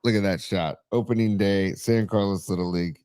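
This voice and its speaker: A man's voice: on the low side, steady tone, brisk, warm tone, clear, resonant tone, dry recording, studio quality. A man co-hosting a podcast, talking casually and enthusiastically with rambling fillers. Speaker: podcast co-host. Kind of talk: casual chat.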